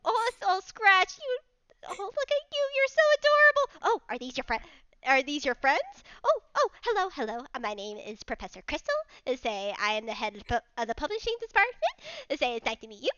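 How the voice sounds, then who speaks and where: A woman voicing an excitable, dog-like woman professor who gushes, repeats herself and keeps saying "I say". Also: on the high side, moderate pace, smooth, no echo, highs cut off. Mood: gushing. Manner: gushing, repeats herself, tic of 'I say'.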